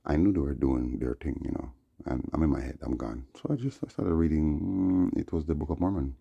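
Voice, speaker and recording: A man's voice: extremely low pitch, brisk, vocal fry, slightly rough. A man, talking in a rambling monologue that slides between chanted praise and loose storytelling, with "you know what I'm saying" coming up again and again. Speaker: vlogger. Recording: dull lo-fi recording.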